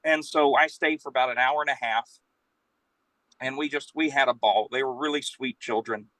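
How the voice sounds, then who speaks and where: A professional Santa, appearing as a guest storyteller, rambles through a casual anecdote and animatedly acts out the quotes. His voice is medium pitch at normal speed, on a rough, dry recording with no room sound.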